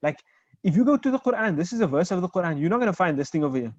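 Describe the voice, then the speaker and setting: A man's voice: high voice, sing-song, rapid-fire, a little mellow, no echo. Patient male Arabic teacher on a call. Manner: patient, explains step by step, checks understanding. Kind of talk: online class teaching. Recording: dull, lo-fi video call audio.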